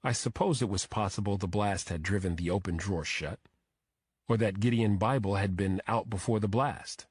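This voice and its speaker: A man narrating a first-person crime thriller audiobook in a steady, measured way. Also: on the low side, husky, no echo, studio quality.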